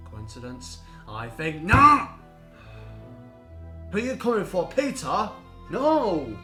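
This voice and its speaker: A man voicing a grieving father who shouts accusations at a neighbour in a home-made drama. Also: fairly high pitch, big pitch swings, unhurried, soft background music. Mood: accusing. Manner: shouting, confrontational.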